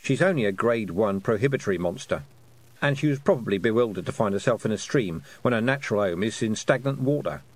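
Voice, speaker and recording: A man voicing a brisk, sharp-tongued woman who is a witch and a teacher, lecturing precisely in an audiobook. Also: lowish voice, animated. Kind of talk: audiobook character voice.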